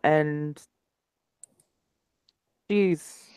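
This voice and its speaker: A woman playing a tabletop game, describing her character's actions in a relaxed way. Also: sits low, very slow, clear, resonant tone, no room sound, phone-quality sound. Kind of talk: casual in-game narration.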